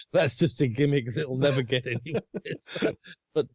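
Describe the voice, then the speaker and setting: A man's voice: medium pitch, measured pace, slightly rough, no room sound. Australian male co-host, fifties, easygoing and chatty, dry close recording. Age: 50s. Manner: chatty, laughs often. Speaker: podcast co-host. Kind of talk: casual chat.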